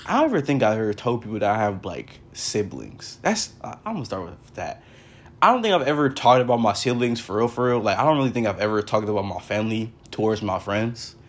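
A man's voice: fairly low pitch, big pitch swings, brisk. A young man hosting a casual solo podcast from his brother's house, rambling with lots of fillers. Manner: rambling, many fillers like "like" and "for real". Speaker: podcast host.

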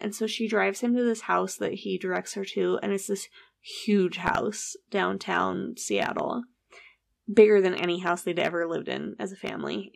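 A woman's voice: mid-range voice, measured pace, gravelly. A woman casually telling a true story, acting out the people's lines and swearing freely. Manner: animated, acts out quoted dialogue, swears casually.

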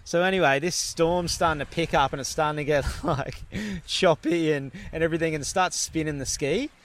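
Animated man telling a story. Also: a little high, a little fast, a little hiss or hum. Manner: animated, swears freely, laughs through his story. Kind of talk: casual storytelling.

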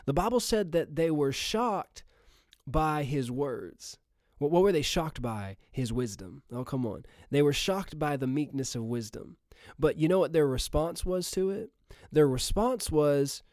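A man's voice: fairly high pitch, expressive, unhurried, darkish tone, no echo, studio quality. A man preaching a sermon emphatically, repeating phrases and calling out to his listeners.

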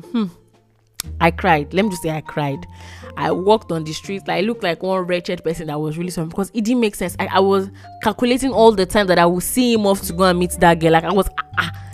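A young Nigerian woman hosting a podcast, telling a personal story with lively, emotional exclamations. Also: on the low side. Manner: animated, emotional storytelling with frequent laughs and exclamations. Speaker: podcast host.

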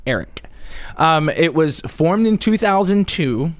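A man's voice: fairly high pitch, very animated, slow pace, no room sound. A man hosting a casual political commentary show, rambling with many restarts and frequent chuckles. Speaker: show host presenting a topic.

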